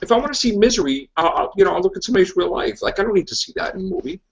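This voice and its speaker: A man's voice: sits high, steady tone, rapid-fire, vocal fry, highs cut off. A man hosting a casual podcast chat, ranting emphatically and repeating his points. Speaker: podcast host.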